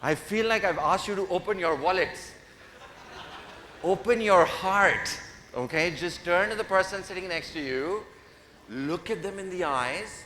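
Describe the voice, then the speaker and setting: This keynote speaker's voice is high-pitched and bright, with a forceful tone at a moderate pace. He teases the crowd and steers them around from the stage mic in a big conference hall. The audio is reverberant, with a faint noise floor.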